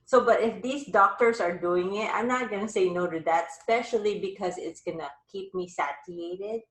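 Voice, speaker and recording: A woman's voice: medium pitch, normal speed, a bit bright, reverberant, rough recording. A woman hosting a live wellness chat over a video call, talking in a rambling, upbeat way. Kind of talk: casual chat.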